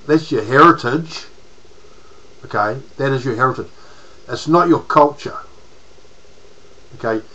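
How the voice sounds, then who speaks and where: A man's voice: medium pitch, bright, forceful tone, low-quality recording. A man with a New Zealand accent, rambling in a casual monologue to camera as a political vlogger, restarting his sentences often and using slang.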